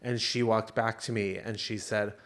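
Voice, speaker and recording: A man in his thirties, co-hosting a podcast, tells a story in casual chat with a lowish voice at a normal speed. He's an animated storyteller, full of fillers, restarts and self-interruptions.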